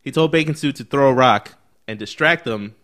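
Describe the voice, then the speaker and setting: Casual young man, excitable storyteller, does everyone's voices, swears a lot, mid-pitched. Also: moderate pace. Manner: animated storyteller, acts out other people's lines, swears a lot. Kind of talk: casual chat.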